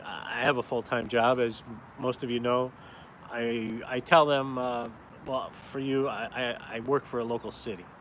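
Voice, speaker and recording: On a cold day outdoors in town, a caricature artist and vlogger from upstate New York live-streams to viewers, rambling and swearing casually. His voice sits in the mid range with a fairly bright tone, and there's slight background noise.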